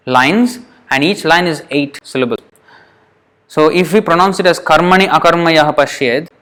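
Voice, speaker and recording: A man teaching an informal lesson on verse pronunciation, patient, often restarting and sounding words out slowly syllable by syllable. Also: medium pitch, fairly bright tone. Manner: frequent restarts, thinking aloud.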